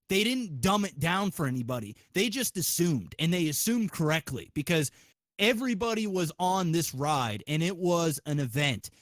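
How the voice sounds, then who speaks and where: Man, podcast host, high voice, dry close sound, excitable, profane, casual. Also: no room sound. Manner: excitable, profane, many restarts.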